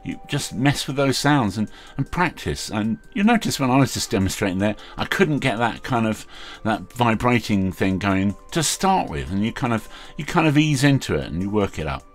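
A man's voice: on the low side, very animated, moderate pace. A man hosting a casual how-to tutorial, talking in a rambling, chatty way with many fillers. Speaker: video host.

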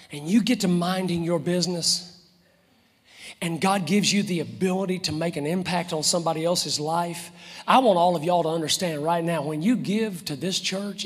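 A man's voice: high-pitched, fairly bright tone, husky. A man preaching an impassioned sermon, repeating phrases and dropping to whispers. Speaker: pastor. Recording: live sermon in a reverberant church.

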